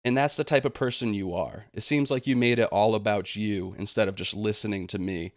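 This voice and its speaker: A young man with a lowish voice rants straight into the mic, aggrieved and indignant. The sound is close and dry, with no room around it. He often drops into sarcastic put-on quotes of the people he complains about. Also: fairly quick, no room sound. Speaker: gaming channel host. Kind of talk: ranting vlog monologue.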